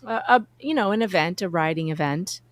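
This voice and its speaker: Giggly woman, lively pitch, dry close mic, casual stream banter. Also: brisk, no room sound. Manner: giggly, joking, often laughing mid-sentence. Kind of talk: casual live-stream chat.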